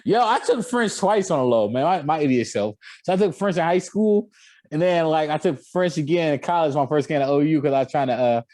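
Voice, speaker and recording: A young man co-hosting a casual sports podcast, talking in an animated, laughing way with a jumpy pitch. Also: brisk, no room sound. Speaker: podcast co-host.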